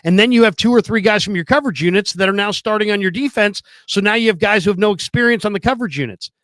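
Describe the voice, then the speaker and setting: A man's voice: sits high, fast, a bit bright, dry recording. A man co-hosting a casual sports talk show, arguing his points with pointed questions and frequent restarts over a remote call. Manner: argumentative, questioning, many restarts. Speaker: podcast co-host.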